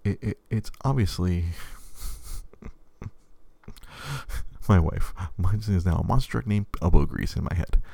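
A man in his thirties hosts a casual podcast chat, his voice low and deep with a gravelly, creaky edge. He rambles, restarts his sentences and stammers over them, and laughs often. The sound is close and dry. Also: animated, a little slow, pauses often, mellow, no echo.

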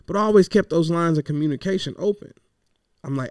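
A fairly high-voiced man with a gravelly edge rambles through a frustrated, casual vent, cursing freely as he goes. His voice stays smooth and resonant underneath the grit, and the recording is close and dry. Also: fairly quick, a little mellow, no room sound. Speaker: podcaster. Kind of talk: casual venting monologue.

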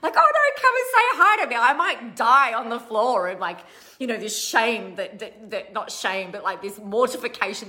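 Her voice mid-range, bright and forceful, a thirtysomething business coach gives a blunt, conversational pep talk online. She swears offhandedly and laughs at her own expense.

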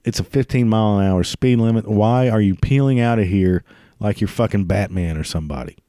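A man's voice: fairly low pitch, fairly quick, dark tone, no echo, clean studio sound. A man delivering a crude, profane comedic rant, swearing constantly and laughing at his own jokes. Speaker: ranting commentator.

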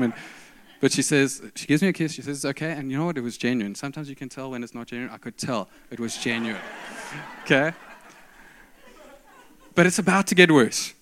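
A man telling a self-mocking story in a sermon, swinging between loud outbursts and hushed asides. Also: medium pitch, slight background noise.

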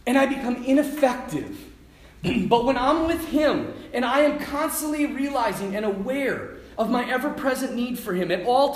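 A male priest gives a sermon full of animated personal stories and frequent laughter. His voice sits high for a man. The room is roomy and echoey, with faint noise behind.

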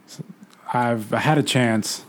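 A young man casually telling a bar story in a relaxed chat, swearing freely. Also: mid-range voice, slow. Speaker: podcast co-host telling a story.

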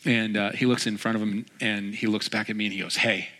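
Male pastor, conversational sermon, chatty storyteller, low-pitched, bright forceful tone. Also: flat delivery, quick pace. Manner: storytelling, chatty with frequent fillers.

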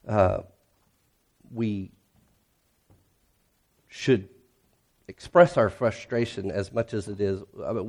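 Low-voiced male pastor preaching. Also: a little mellow. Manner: conversational, with rhetorical questions; reads scripture aloud with rising intensity. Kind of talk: sermon.

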